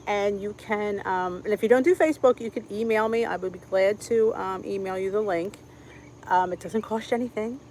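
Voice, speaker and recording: A middle-aged woman with a Philadelphia accent hosts a cooking channel live stream from home, chatting casually and greeting viewers by name. Her voice is medium-pitched, moderately paced and slightly mellow, and the rough recording carries a bit of hiss or hum.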